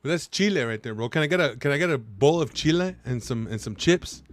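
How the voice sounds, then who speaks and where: A man's voice: mid-range voice, expressive, brisk. A man chatting casually on a live stream. He argues brashly, swears freely, and keeps saying bro and dude.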